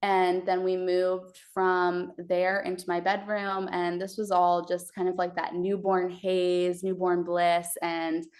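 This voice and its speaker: A woman's voice: on the low side, monotone, slow, few pauses, darkish tone. Young woman recounting a birth, hesitant. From Texas. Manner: hesitant, with many fillers. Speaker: podcast guest. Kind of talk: telling a birth story.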